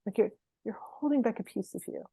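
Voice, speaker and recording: A woman's voice: on the high side, a little fast, dark tone, husky, no echo. A middle-aged woman performance coach, telling stories as a guest in a conversational interview and laughing often between phrases.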